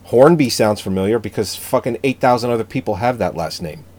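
A man riffing about films with a co-host, profane and playful. His voice sits low but swings widely in pitch as he tells stories. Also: fairly quick. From Italian-American family background. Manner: profane, joking, animated storytelling. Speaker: podcast co-host. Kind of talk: casual movie review chat.

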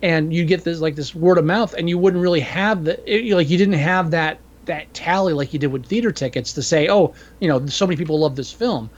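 Profane higher-voiced man on a lo-fi mic. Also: brisk, hardly any pauses. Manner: profane, rambling, opinionated. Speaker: podcast co-host. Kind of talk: casual movie review chat.

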